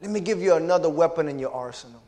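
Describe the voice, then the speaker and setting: Speaking rapid-fire, this pastor has a somewhat high, slightly mellow voice that leaves a long reverb tail in the church sanctuary. He calls out to his congregation and scatters hallelujahs and amens throughout the sermon.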